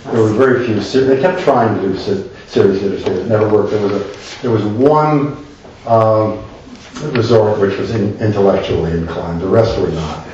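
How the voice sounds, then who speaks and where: A man's voice: on the low side, normal speed, a little mellow, a little hiss or hum. An older man, an author, answering questions at a live talk, rambling with many restarts and asides. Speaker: author and speaker. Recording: echoey hall, distant dull mic.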